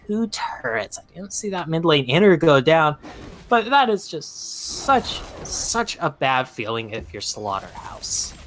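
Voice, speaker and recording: Bright-voiced chatty American caster. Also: male voice, a little high. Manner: chatty, enthusiastic, lots of fillers. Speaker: esports caster. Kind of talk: color commentary and casual chat.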